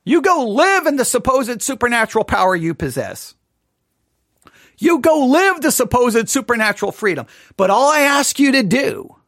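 A male Bible teacher delivers a long sermon in a loose, conversational way, needling his listeners with sarcasm. His pitch leaps and dips all over the place. The recording is dry and close. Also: a bit bright, no room sound.

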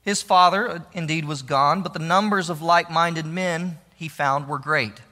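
A man giving a historical storytelling talk, with dramatic, emphatic delivery that drops to a hush. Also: fairly high pitch, normal speed. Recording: long reverb of a large hall.

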